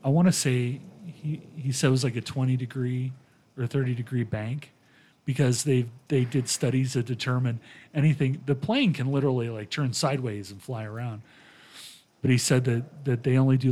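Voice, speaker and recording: A man hosting a casual podcast chat, telling a long story and acting out quoted lines with lively energy. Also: medium pitch, moderate pace. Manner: animated retelling with quoted voices. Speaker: podcast host.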